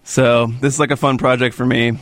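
A man's voice: mid-range voice, level tone, fairly quick, a bit bright, slight background noise. A male guest musician casually describing his band. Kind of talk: casual chat.

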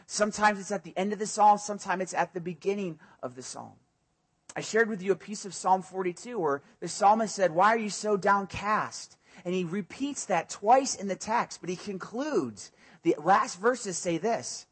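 A young adult man preaching a sermon, animated, often dropping to a soft voice and rising loud when he voices the psalmists' cries. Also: on the high side, a little fast. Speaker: pastor.

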